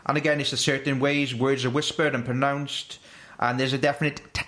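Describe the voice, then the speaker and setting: A man's voice: medium pitch, level tone, a little fast, a bit bright. A man hosting a casual comedy chat, explaining at length with restarts and frequent laughter.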